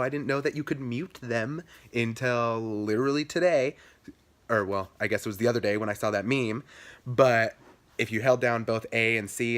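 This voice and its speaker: A young man tells a childhood story in a casual vlog, animated throughout. He jumps into squeaky high voices for quotes and drops low for asides.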